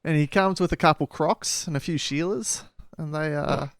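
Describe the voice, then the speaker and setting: A man's voice: fairly high pitch, moderate pace, creaky, smooth, no room sound, clean studio sound. A man co-hosting a casual book podcast, rambling and joking with lots of fillers, with a slight head cold. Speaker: podcast co-host.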